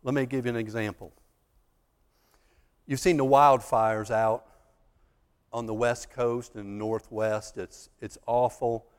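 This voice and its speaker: A man preaching a sermon, telling a story and acting out the judge and the accused, building to loud, emphatic peaks. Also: medium pitch, steady tone, takes it slowly, long pauses, smooth, in a large hall.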